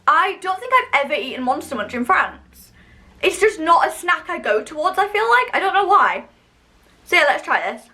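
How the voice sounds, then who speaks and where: With a voice that sits high and has a sharp edge, a young UK vlogger chats casually and excitedly while trying snacks, using many fillers.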